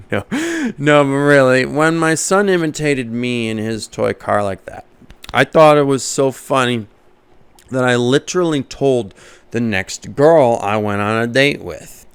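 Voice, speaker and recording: A man's voice: medium pitch, fairly bright tone, clean tone, no room sound. A man, a comedian, telling a comic story as a monologue and laughing often at his own jokes.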